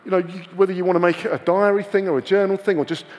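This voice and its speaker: A man's voice: high voice, steady tone, racing, darkish tone. Chatty male preacher in an echoing hall. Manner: conversational, asks the congregation rhetorical questions. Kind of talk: sermon.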